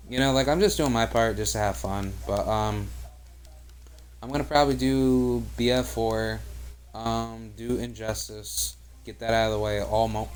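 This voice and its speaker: A young man streaming a basketball video game, talking casually with many fillers and swearing. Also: mid-range voice. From United States. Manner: rambling, profane, heavy on "like" and "you know". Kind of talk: live gameplay commentary and casual chat.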